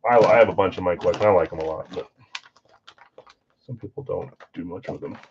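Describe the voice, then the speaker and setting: A man's voice: sits low, a little fast, a little mellow, muffled recording, a little hiss or hum. A man hosting a live sports card break stream, chatting casually with viewers while he opens packs.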